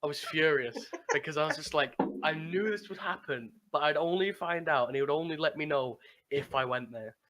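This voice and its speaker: A man's voice: on the high side, fairly quick, hardly any pauses, fairly bright tone. A man co-hosting a casual gaming podcast, telling a long story with restarts and laughs. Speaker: podcast co-host, gamer. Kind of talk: casual chat recapping a game server.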